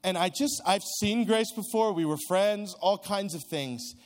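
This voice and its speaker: A man preaching a sermon in an earnest, conversational way, slowing down to stress key words. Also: high voice. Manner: earnest, conversational, with restarts and drawn-out emphasis.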